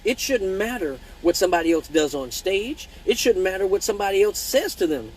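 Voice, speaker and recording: A man with a high voice talks a little fast over slight background noise, and the audio is poor. Hosting a casual live-stream Q&A as an exotic dancer, he tells animated stories bluntly, swears freely, and reads viewer comments aloud before answering them.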